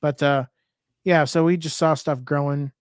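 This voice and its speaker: A man's voice: fairly high pitch, fairly even intonation, measured pace, smooth, no room sound, clean studio sound. A man co-hosting a podcast, chatting casually and telling easygoing travel stories. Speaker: podcast co-host.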